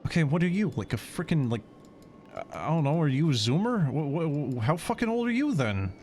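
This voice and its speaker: A male game streamer answers chat in a sarcastic, profane, casual way. His pitch swings a lot, and a faint hiss sits under the voice. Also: big pitch swings, fairly quick, a little mellow.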